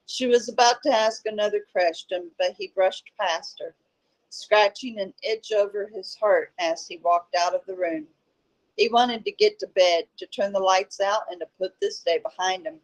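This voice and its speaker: Slow, unhurried woman reading a novel. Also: medium pitch, rough recording. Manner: steady, unhurried storytelling. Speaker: audiobook reader.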